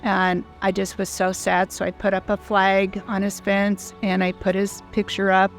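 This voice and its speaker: An older woman in her sixties tells her story in an earnest, heartfelt, plain-spoken way. Her voice sits at a middle pitch and stays quite flat and level. Soft music plays faintly behind her. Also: moderate pace. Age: 60s. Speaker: foundation founder. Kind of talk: personal storytelling.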